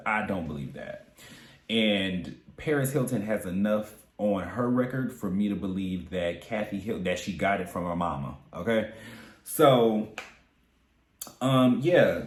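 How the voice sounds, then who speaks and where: A man's voice: on the low side, animated, unhurried, echoey room. A man giving casual, sassy recap commentary on a reality show, chatty and candid with frequent asides.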